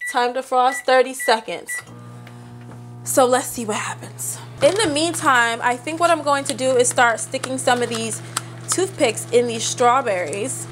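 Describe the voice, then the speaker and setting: A young woman chatting excitedly as she narrates a cooking attempt in her home kitchen. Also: on the high side, a little hiss or hum. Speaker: vlogger. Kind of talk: casual kitchen vlog.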